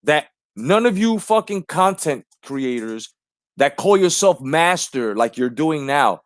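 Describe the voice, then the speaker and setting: A man's voice: fairly high pitch, big pitch swings, measured pace, dry recording, clean studio sound. A man in his forties hosting his own channel, delivering a profane, confrontational rant. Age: 40s. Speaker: YouTube channel host. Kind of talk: ranting monologue.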